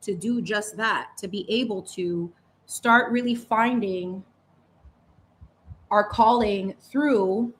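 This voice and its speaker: A young adult woman chats in a loose, expressive way while she paints on a live stream. She laughs often and drags out words for emphasis, moving between warm thanks to her viewers and heartfelt talk. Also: mid-range voice, slow, slight background noise. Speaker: painting livestream host. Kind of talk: casual chat while painting.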